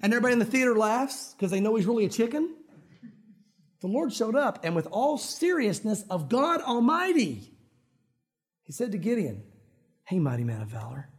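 A man preaching a sermon in a conversational, animated way, acting out quotes from the story. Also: very high voice, moderate pace. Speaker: pastor.

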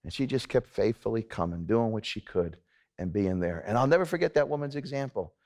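A man's voice: fairly low pitch, expressive, fairly quick, darkish tone. A man preaching a sermon to a congregation, talking in a casual, conversational way and checking in with "okay?" asides. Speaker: pastor.

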